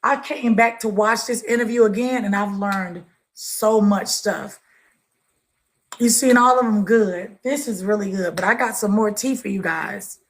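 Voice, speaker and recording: A woman's voice: medium pitch, a little slow. A woman hosting a casual livestream chat, greeting viewers by name and calling them pet names like baby and sugar. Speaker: livestream host.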